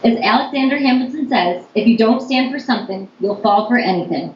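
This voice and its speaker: A woman's voice: fairly high pitch, lively intonation, brisk. A woman making an earnest, emphatic public comment to a town board. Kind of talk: reading a prepared public comment. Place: town board meeting room. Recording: echoey meeting room, dull lo-fi audio, faint noise.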